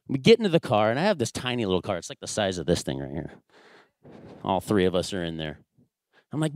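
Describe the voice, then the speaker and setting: A man with a fairly low voice tells a family story from the pulpit. He is animated and acts out the quoted lines. The sound is dry and close. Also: quick pace, no echo. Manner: animated storytelling, acts out his own raised dad voice. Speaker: church speaker. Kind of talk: sermon storytelling.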